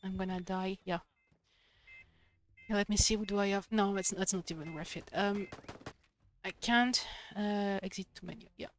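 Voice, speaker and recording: Young female streamer, mid-pitched, excitable running commentary over gameplay. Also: moderate pace, pauses often. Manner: chatty, excitable, talks to herself while playing.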